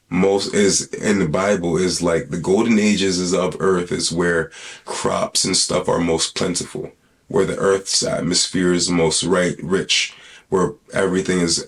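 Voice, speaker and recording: A man hosting a podcast in casual, rambling talk, full of slang and swearing. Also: sits low. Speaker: podcast host.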